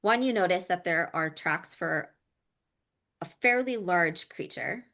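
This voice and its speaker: A woman narrating as game master of a tabletop role-play, describing scenes with frequent ums and pauses. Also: on the low side, lively intonation, sharp tone. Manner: descriptive, hesitant with many ums.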